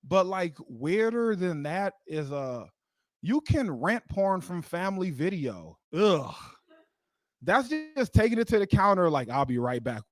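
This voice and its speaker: Brief: man, stand-up comic on a stage mic, loose rambling delivery, slightly high voice, dry sound. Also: very animated, a little slow, no room sound. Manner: loose and rambling, lots of "like", laughs at his own jokes. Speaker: stand-up comedian. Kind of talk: stand-up comedy set. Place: live comedy show venue.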